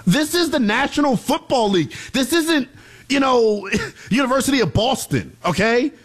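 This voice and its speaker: A man co-hosting a sports talk show, arguing excitedly and incredulously, dropping low then shouting. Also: measured pace. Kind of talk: animated sports debate.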